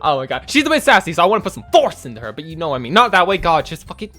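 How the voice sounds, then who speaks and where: Excitable, rambling young man gaming. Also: fairly high pitch, very fast, faint music behind. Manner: excitable, rambling, swears and laughs often. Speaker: gameplay commentator. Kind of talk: let's play commentary, reading a visual novel aloud.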